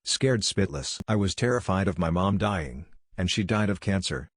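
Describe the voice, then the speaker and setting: A man narrating forum posts in a steady, even scripted read. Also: sits low, moderate pace, dry recording, clean studio sound.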